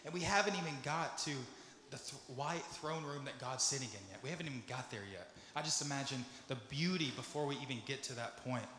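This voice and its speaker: A man preaching a sermon, moving from soft, low musing to loud, pleading questions. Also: expressive, a little fast. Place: church sanctuary. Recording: echoey church hall with music behind. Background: instrumental music.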